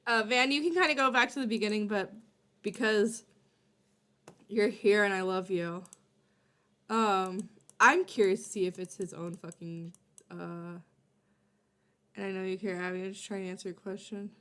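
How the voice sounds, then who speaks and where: A woman's voice: mid-range voice, steady tone, normal speed, long pauses, fairly bright tone. A woman streamer reacting to a video in rambling, stop-start casual chat, swearing freely.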